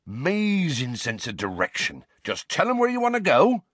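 Hagrid, a man doing a gruff kindly giant teacher. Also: on the high side, huge pitch swings, normal speed, fairly bright tone, no echo, voice pushed up, full character voice. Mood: flustered.

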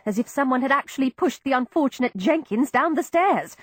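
A woman giving expressive first-person narration of an audiobook, voicing each character. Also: high-pitched, fairly quick, breathy edge, dry recording, studio quality.

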